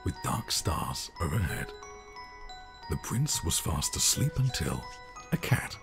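A woman's voice: a bass voice, big pitch swings, slow pace, vocal fry, full character voice. A woman voicing the narrator of a rhyming bedtime story in a game. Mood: storytelling. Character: gentle female bedtime storyteller. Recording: game audio with music.

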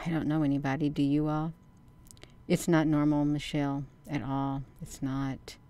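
A woman chats casually on a livestream, rambling from point to point and answering viewers. Her voice is smooth and clear and sits a little low. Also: flat delivery, normal speed, mellow. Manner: folksy, rambling, says "you all" and "honey". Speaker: livestream host. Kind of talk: casual livestream chat reading comments.

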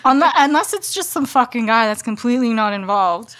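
Swearing, animated woman podcast host. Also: fairly high pitch, a little fast, a little hiss or hum. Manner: blunt, swears freely, animated. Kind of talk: casual book-club chat.

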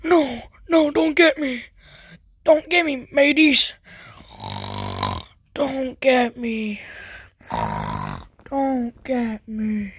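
A woman's voice: sits high, fairly even intonation, extremely slow, long pauses, slightly rough, exaggerated voice. A woman voicing a panicky male pirate fox animatronic in a fan plush-toy drama, with pirate talk and frantic pleading.

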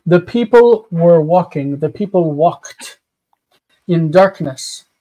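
Slightly high-voiced man teaching Hebrew. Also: animated, dark tone. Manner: methodical, explains with many uh pauses. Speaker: co-host teaching Biblical Hebrew. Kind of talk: live online grammar lesson.

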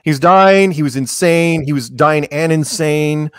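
A man's voice: fairly high pitch, unhurried, clear, resonant tone, dry recording. Rambling man on a dry remote call. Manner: rambling, restarts often, sarcastic asides. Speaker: podcast guest. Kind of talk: casual conversational interview.

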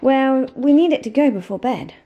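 A woman's voice: sits high, lively intonation, normal speed, narrow, tinny audio. A young mother chatting casually to camera while playing with her children. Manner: chatty, playful with her kids. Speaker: family vlogger, mother. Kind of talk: casual vlog chat.

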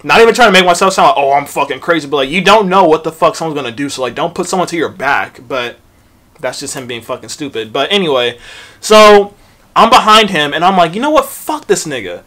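A young man telling a storytime vlog, profane and animated, acting out quotes from the story. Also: fairly high pitch, quick pace. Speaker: vlogger.

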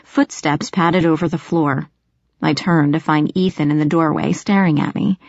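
Woman reading a first-person audiobook, lowish voice, tense storytelling, dry kinda dull audio. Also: fairly even intonation, normal speed, vocal fry, no echo. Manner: tense storytelling, sharp snapping in dialogue. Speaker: audiobook narrator.

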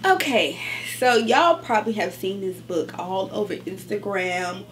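A woman chatting casually about her book haul, animated and gushing, calling her viewers y'all. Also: medium pitch, unhurried, a little hiss or hum. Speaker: book vlogger.

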